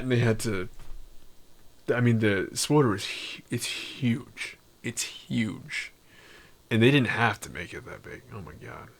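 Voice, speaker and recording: A man streaming live and chatting casually with his viewers, rambling with lots of fillers and trailing pauses. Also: medium pitch. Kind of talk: casual chat.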